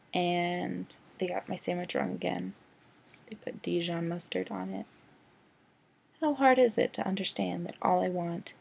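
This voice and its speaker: A woman's voice: on the low side, vocal fry, mellow. A young woman vlogging a casual, rambling movie rant, sarcastic and full of "like". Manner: sarcastic, rambling, heavy use of "like".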